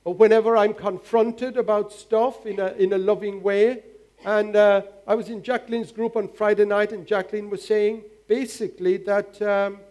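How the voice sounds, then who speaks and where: An older male pastor delivers a sermon in a high voice. He is earnest and exhorting, leaning on rhetorical questions. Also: level tone, moderate pace, a little mellow.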